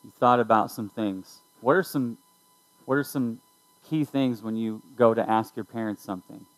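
A man's voice: fairly low pitch, normal speed, rough recording. A middle-aged man, a youth pastor, giving a conversational sermon to students, telling a family story and speaking directly to his listeners.

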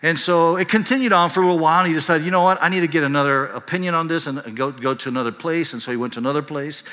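A man's voice: on the high side, rapid-fire, sharp tone, long reverb tail. A pastor in his fifties preaching a sermon, telling a story earnestly and building to impassioned emphasis. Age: 50s.

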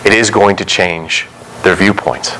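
A young man preaching a sermon in a low-ish voice, relaxed and conversational rather than grand. He slips into little acted-out quotes and back-and-forth dialogue as he talks. A faint room hum sits behind him. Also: a little slow, rough recording. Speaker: pastor.

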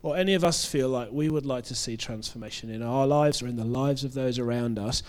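A man's voice: mid-range voice, a little fast. Conversational British man preaching a sermon. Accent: British English. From United Kingdom. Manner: conversational, self-deprecating, with frequent restarts.

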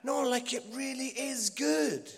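A very high-pitched, gravelly Scottish voice belongs to a guest preacher and comedian from Edinburgh, who gives a casual, joking sermon at a measured pace, teasing and full of fillers. It's recorded in a church hall with long reverb.

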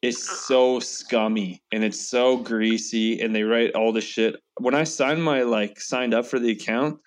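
A man's voice: medium pitch, fairly even intonation, a little slow. A young man telling an angry story in casual chat, swearing often and acting out both sides. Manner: profane, heated storytelling.

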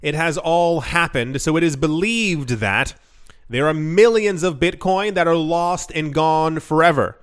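A man's voice: fairly high pitch, measured pace, fairly bright tone, clear, resonant tone. A man hosting a casual crypto news show, reading headlines with sarcastic asides and frequent restarts.

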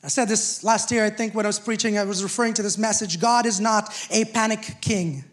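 Male pastor, sermon, very high voice, animated, climbs to shouts, questions the crowd. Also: fairly quick. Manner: animated preaching, rising to shouts; asks the congregation questions.

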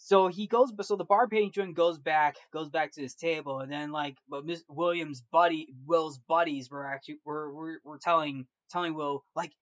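A man's voice: fairly high pitch, fairly even intonation, moderate pace, hardly any pauses, no echo. A man hosting a movie review show, recapping a film in a casual, rambling way with many restarts and fillers. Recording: dull lo-fi, dry sound.

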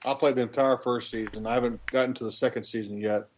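Brief: man, podcast panelist, mid pitch, casual and enthusiastic. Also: steady tone, fast, a little hiss or hum. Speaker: podcast co-host. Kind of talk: casual gaming podcast chat.

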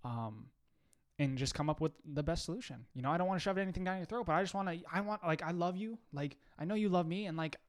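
This is a young man in relaxed podcast chat, sincere and a bit rambling. His voice sits slightly high for a man, and he keeps dropping "like" and restarting his sentences. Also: fairly quick. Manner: earnest, filler-heavy, lots of "like". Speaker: podcast co-host. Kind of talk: casual chat.

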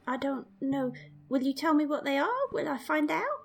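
A woman playing her character in a tabletop role-play, talking in an earnest, questioning, animated way. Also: high voice, normal speed, creaky. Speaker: player.

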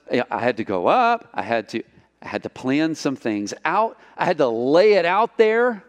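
Animated male pastor in a reverberant hall. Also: on the high side. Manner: animated storytelling, acts out quotes. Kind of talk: sermon.

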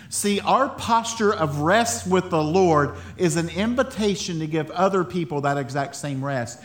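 A man with a high-pitched voice delivers a sermon. He talks in a loose, conversational way, often laughing and stumbling over restarts. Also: lively intonation, unhurried, few pauses, a bit bright. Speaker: pastor.

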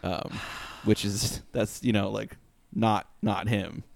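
A man co-hosting a podcast, chatting casually about a movie, animated and questioning, swearing freely. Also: lowish voice, slow, gravelly, dry recording. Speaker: podcast co-host.

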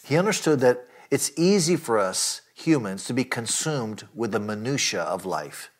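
A man preaching a sermon, earnest and emphatic, often asking his listeners direct questions and filling pauses with "uh" and "you know". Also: medium pitch, sing-song. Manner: earnest preaching with rising emphatic lines and frequent fillers. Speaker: pastor.

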